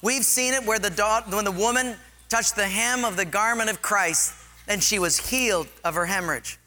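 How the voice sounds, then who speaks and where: A man preaching a sermon, telling stories with lively acted-out scenes. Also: sits high, normal speed, long reverb tail. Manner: animated storytelling, acts out scenes.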